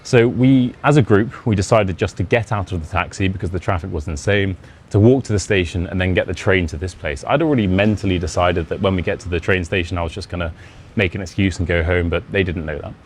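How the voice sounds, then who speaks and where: A man's voice: low voice, fast, a little hiss or hum. A young British man with a Modern RP accent, an English teacher casually telling a self-deprecating personal anecdote. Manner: chatty, self-deprecating, acts out quoted dialogue.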